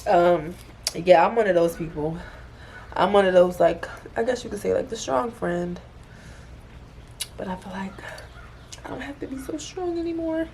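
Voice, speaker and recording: A woman's voice: medium pitch, expressive, normal speed, long pauses, darkish tone, a little hiss or hum. A young woman, a single mother, talking candidly in a casual confessional vlog, rambling and conversational. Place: bedroom at home with open window.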